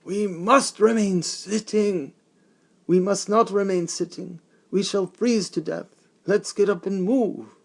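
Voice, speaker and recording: A freezing, panicked prisoner, as a male narrator plays him, yelling in strained alarm. His voice climbs high and loud above the narration. It keeps a gravelly rasp underneath. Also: slow, exaggerated voice. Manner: shouting, strained.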